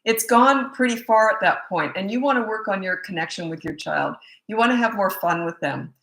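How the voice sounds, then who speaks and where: Lively woman coach in an echoey room. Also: mid-range voice, brisk, creaky. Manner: lively, acts out quoted parents and kids in changed voices. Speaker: parenting coach. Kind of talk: casual live Q&A talk.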